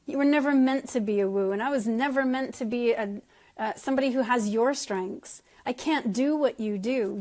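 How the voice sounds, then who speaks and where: A woman's voice: a little high, darkish tone. A middle-aged woman leading her sales team on a casual call, chatty and self-deprecating, laughing often. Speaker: network marketing team leader.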